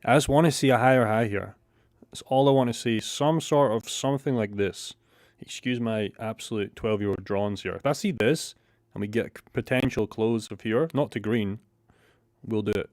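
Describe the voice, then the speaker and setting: Low-voiced man, swearing livestream host. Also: moderate pace, no echo, studio quality. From Scotland. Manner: excitable, swears a lot, reads chat aloud. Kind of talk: casual livestream chat.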